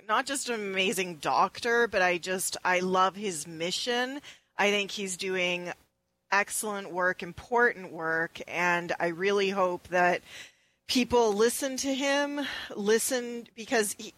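A woman's voice: mid-range voice, slow, fairly bright tone, dry recording, low-quality recording. A woman co-hosting a casual radio chat, earnest and emphatic, repeating words for stress. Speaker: radio co-host.

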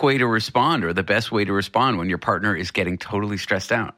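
A male interviewer from New York asks his questions in a lively, chatty way and drops in joking asides. His voice is low but bright and forceful, and it is recorded dry and close. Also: fast, no room sound. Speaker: interviewer host.

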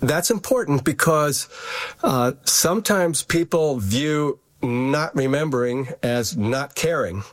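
Measured older man, professor guest. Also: mid-range voice, lively intonation, no echo. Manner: measured, careful, many filler uhs. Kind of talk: radio interview.

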